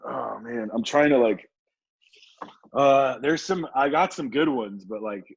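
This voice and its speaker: Man, from Southern California, podcast guest, relaxed storytelling, laughs often, swears casually, dull dry sound. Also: mid-range voice, measured pace, gravelly, slightly rough, dry recording. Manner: laid-back, laughing, swearing, many fillers like "like". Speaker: podcast guest, former football player.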